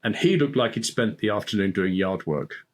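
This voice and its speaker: A man guesting on a podcast as a speaking coach, telling stories in an animated way and laughing often. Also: on the low side, normal speed. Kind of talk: storytelling in conversation.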